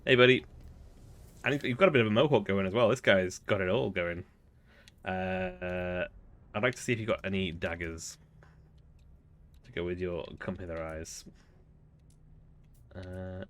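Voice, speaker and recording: A chatty man with a lowish voice talks through his game as he plays. He thinks aloud in a relaxed, amused way. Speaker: gaming video host. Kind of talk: relaxed gameplay commentary.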